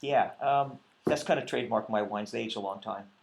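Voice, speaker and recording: A male winemaker talking casually at a wine tasting, relaxed and hesitant, with many pauses and ums. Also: on the low side, vocal fry.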